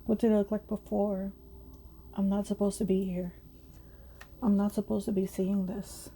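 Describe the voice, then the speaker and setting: A woman's voice: mid-range voice, flat delivery, moderate pace, dark tone, a little hiss or hum. A woman playing a game and reading its dialogue aloud in an anxious, confused tone. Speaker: let's play gamer.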